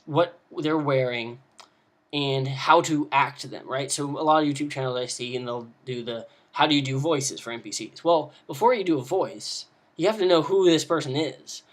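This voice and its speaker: A man's voice: on the high side, normal speed. A man giving casual advice on running tabletop games, rambling with many fillers and restarts. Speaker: game master giving advice. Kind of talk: casual video lesson.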